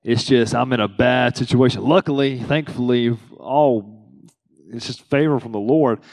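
A young man preaching from the pulpit in a relaxed, conversational way, his voice ringing with a long reverb through the church. He speaks at an ordinary mid pitch and lifts his voice sharply when he acts out someone else's words. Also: moderate pace. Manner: conversational preaching, acts out quotes with rising emphasis. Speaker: pastor. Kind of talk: sermon.

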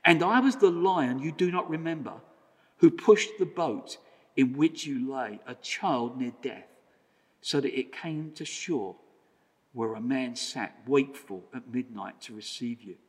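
A man voicing a calm, commanding male lion while reading a storybook aloud, in a solemn, emphatic manner. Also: medium pitch, a little slow, slightly rough. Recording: long reverb of a church hall.

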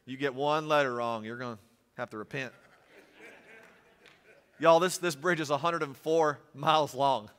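A male pastor preaching a sermon, animated, with humorous asides and swings from loud to soft. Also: mid-range voice, normal speed, pauses often. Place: church sanctuary. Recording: long reverb of a church hall.

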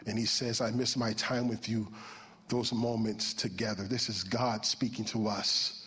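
A man preaching a sermon in an animated way, moving from hushed, almost whispered passages to loud, high shouts. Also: measured pace, in a large hall, a little hiss or hum.

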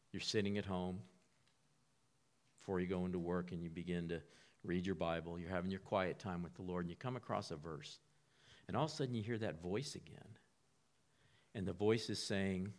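With long pauses and a moderate pace, a man preaches conversationally in a low-pitched, steady tone. He repeats and restarts words frequently, sometimes whispering a line to act out the quiet prompt of an inner voice.

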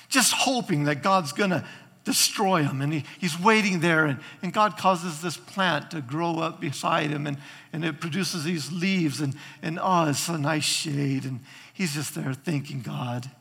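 A man preaching a sermon as a pastor, retelling a story with animated, acted-out quotes. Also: fairly high pitch, moderate pace, gravelly, in a large hall.

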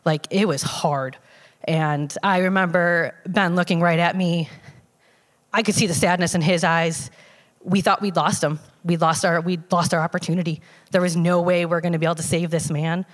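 Woman, lowish voice, conversational personal testimony, halting with fillers; long hall reverb on the recording. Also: fairly even intonation. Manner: conversational with many fillers and restarts. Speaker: storyteller sharing a personal testimony. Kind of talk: casual spoken personal story.

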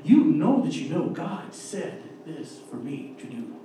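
A man preaching an earnest, emphatic sermon and reading scripture, slowing down to stress key words, recorded from a distance in a church. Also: on the high side, very animated, heavy reverb, noisy background. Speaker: lay preacher. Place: church sanctuary.

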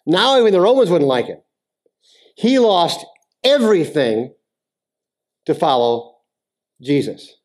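With a high-pitched voice, a pastor in a church sanctuary starts out talking casually with his congregation, then works up to emphatic appeals that are nearly shouted.

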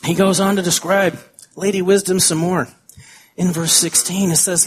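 A man preaching a sermon as pastor, chatting his way through side tangents and reading scripture slowly and deliberately. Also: sits high, flat delivery, a little hiss or hum. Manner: conversational, wanders into side tangents.

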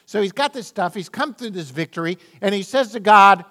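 Animated male pastor preaching. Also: high-pitched, moderate pace, faint music behind. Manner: animated, dramatic reading of scripture. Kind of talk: sermon.

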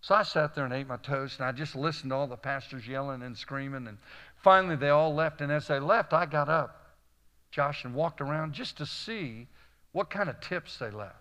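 A man preaching to a live audience, telling folksy stories with a Southern "y'all" and lively, animated delivery. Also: a little high, moderate pace, long reverb tail. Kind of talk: storytelling sermon.

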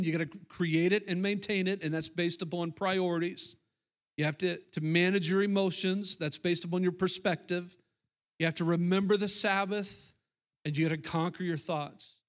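A man preaching a sermon as pastor to his congregation in church, emphatic and repetitive. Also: high voice. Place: church sanctuary.

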